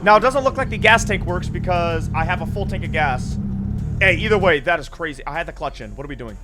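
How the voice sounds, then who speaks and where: Excitable young man, high lively voice. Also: fast talker. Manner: excitable, blurts loud exclamations. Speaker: gaming YouTuber. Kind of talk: excited gameplay commentary. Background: game music.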